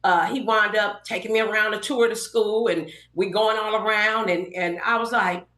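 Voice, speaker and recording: In a mid-range voice at a moderate pace, a middle-aged Angeleno guest recounts a story during a casual podcast interview. She brings it to life by voicing every character's quoted lines, with the echo of a roomy podcast studio audible.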